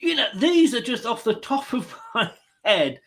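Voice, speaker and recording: A man's voice: very high voice, sing-song, a little slow, fairly bright tone. A man hosting a live football watchalong, chatty and jokey, greeting viewers and reading out their comments. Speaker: fan channel host.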